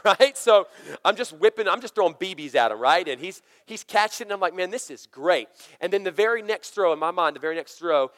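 Storytelling pastor in a reverberant hall. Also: male voice, medium pitch. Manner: conversational, storytelling, energetic. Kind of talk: sermon. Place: church sanctuary.

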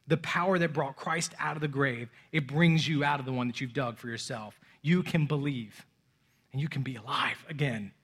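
A man in his thirties preaching a sermon, swinging between loud urgency and soft, hushed moments. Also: mid-range voice, moderate pace, husky. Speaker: pastor.

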